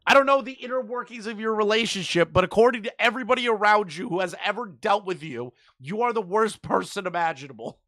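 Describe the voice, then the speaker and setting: A man hosting a reaction commentary, sarcastic, jumping between loud outbursts and muttered asides. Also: sits high, fast talker, few pauses, dry recording, studio quality. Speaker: commentary channel host.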